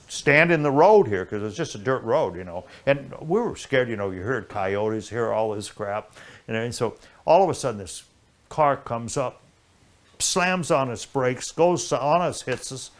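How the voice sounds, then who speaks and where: An older man spins a long tale in casual conversation. His voice sits at an ordinary middle pitch, and he rambles, breaking off and restarting sentences as the story carries him along. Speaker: interview guest.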